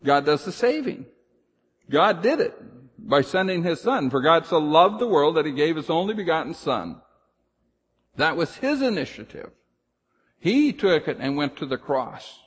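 A man preaches with a somewhat high, husky voice, surging louder on the phrases he stresses and sinking low and slow to press a point. His words ring out with the long reverb of a large hall. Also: big pitch swings. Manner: emphatic preaching, rising loud on key phrases, drops low to slow down. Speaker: pastor. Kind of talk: sermon.

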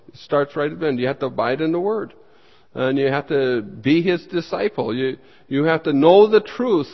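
A man preaches as a pastor during a Bible study, speaking emphatically with sudden climbs in pitch and loudness. He puts questions to the room and answers them himself. The recording sounds dull and has a long hall reverb.

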